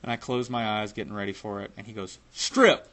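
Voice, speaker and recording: Lower-voiced man telling a profane story. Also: fairly even intonation, quick pace, a bit bright. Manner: casual, profane, laughing now and then. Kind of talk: personal storytelling.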